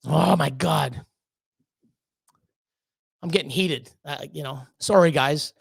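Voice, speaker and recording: A woman with a deep, gravelly, husky voice takes her time while ranting casually to her stream chat. The rant is heated: she swears constantly, and as she gets worked up she stumbles, stammers, and restarts.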